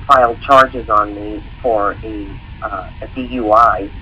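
Halting male caller, lowish voice, on a muffled phone line. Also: steady tone, sharp tone, slight background noise. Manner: hesitant, many ums. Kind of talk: asking a question on a call-in show.

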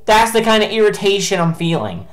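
A woman doing let's play commentary, ranting in exasperation with heavy swearing and sudden bursts of shouting. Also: mid-range voice, very animated, fairly quick, low-quality recording. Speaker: gameplay commentator.

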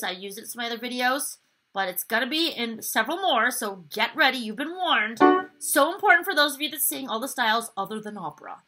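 Upbeat high-voiced woman voice teacher. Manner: upbeat, encouraging, demonstrates exercises by singing. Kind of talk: online singing lesson.

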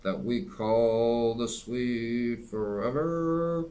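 A man voicing a church music leader who lines out hymns slowly in a rumbling voice. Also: fairly even intonation, lightly acted. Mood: chanting. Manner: slow, drawn-out hymn lining.

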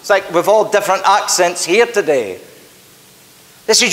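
A man's voice: sits high, lively intonation, normal speed. A man with a Scottish accent, a pastor preaching a sermon in an earnest, emphatic storytelling manner in a church. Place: church sanctuary. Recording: echoey church hall with long reverb.

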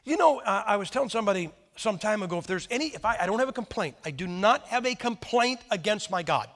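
A man's voice: sits high, animated, quick pace, a bit bright. A man in his sixties preaching a folksy sermon, joking and firing rhetorical questions at the congregation. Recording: long hall reverb.

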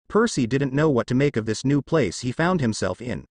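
A man narrating a fan story in a lively, expressive reading voice on a close mic. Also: mid-range voice, moderate pace, few pauses, no echo. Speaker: fanfiction reader.

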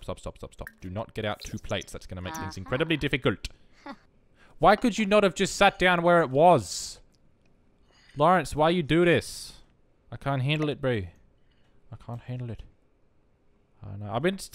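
A man's voice: mid-range voice, a bit bright. A young man giving wry, self-mocking commentary while playing a life-simulation game. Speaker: let's play host. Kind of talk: casual gameplay commentary.

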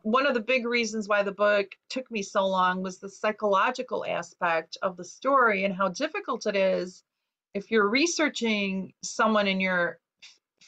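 In a dull, lo-fi recording, a woman with a mid-range, slightly bright voice tells a personal story. She is an American author being interviewed, and her earnest account leans on fillers as she repeats what people said to her.

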